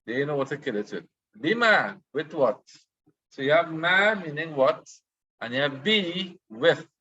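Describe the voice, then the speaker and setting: Slow, bright-voiced man teaching. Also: on the high side, expressive, breathy edge, dull audio. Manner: slow and patient, translating each word. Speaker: Arabic teacher. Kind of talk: explaining a dialogue phrase by phrase.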